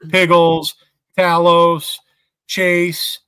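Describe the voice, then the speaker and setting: A man's voice: a little high, little pitch movement, very slow, bright, forceful tone, clean tone, no room sound. A man hosting a casual gaming podcast, laughing often and steering the talk between topics. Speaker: podcast host.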